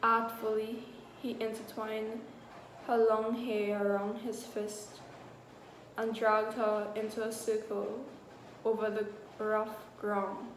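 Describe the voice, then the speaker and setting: A woman narrates a short story slowly and gravely. Her voice sits a bit high, and the room gives it a clear echo. Faint ambience hums underneath. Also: slight background noise. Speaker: reader.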